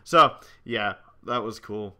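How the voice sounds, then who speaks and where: A young man with a bright, forceful voice, chatting on a podcast. He tells a school story in a loose, filler-heavy way, stopping and restarting often. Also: lowish voice, slow, clean tone. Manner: anecdotal, with many fillers and restarts. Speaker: podcast co-host. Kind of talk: casual chat.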